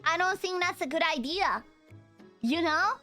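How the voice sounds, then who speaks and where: Bright, high-voiced Romanian-accented streamer woman. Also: lively intonation, measured pace, soft background music. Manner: chatty, slangy, joking. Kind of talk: casual chat with viewers.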